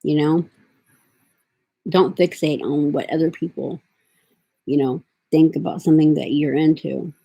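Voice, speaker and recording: A woman's voice: low-pitched, steady tone, unhurried, vocal fry, long pauses, warm tone, husky, low-quality recording. A middle-aged woman talking to her camera in a rambling, casual way, drifting from thought to thought with lots of fillers. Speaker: vlogger. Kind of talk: casual vlog talk.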